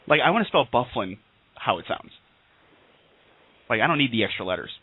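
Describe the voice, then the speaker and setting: A man's voice: mid-range voice, very animated, a little fast, breathy edge. A man hosting a casual internet radio chat, joking and laughing often. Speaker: podcast host. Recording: tinny phone line, dry.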